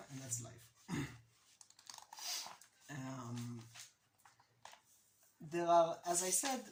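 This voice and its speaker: A man's voice: a little high, reverberant, noisy background. A young man from Jerusalem with an Israeli accent, a native Hebrew speaker, giving a casual language lesson in a chatty, anecdotal way. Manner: chatty, anecdotal, laughs at own stories. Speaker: language teacher.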